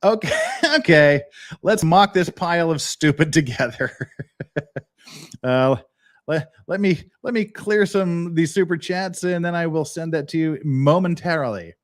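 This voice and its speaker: A man's voice: fairly high pitch, measured pace. A man hosting a live legal commentary stream, joking with his chat and breaking down a lawsuit. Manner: animated, joking, chatty with chat. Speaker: podcast host.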